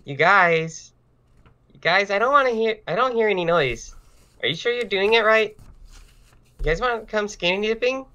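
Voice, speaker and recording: A man voicing a panicked teenage girl at a party, reading her lines loudly and shrilly. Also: high-pitched, expressive, moderate pace, long pauses, dull audio. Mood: teasing.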